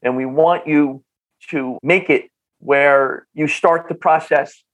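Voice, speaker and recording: A man with a North Jersey accent, a health practitioner guest on a podcast interview, talking in an animated way and often repeating words as he starts a sentence. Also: fairly high pitch, slow pace, poor audio. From New Jersey.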